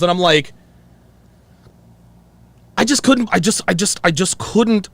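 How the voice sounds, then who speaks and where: A man hosting his channel, telling a heated story in a profane, animated reaction monologue and acting out his phone calls. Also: high-pitched, measured pace, long pauses, no room sound. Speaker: channel host.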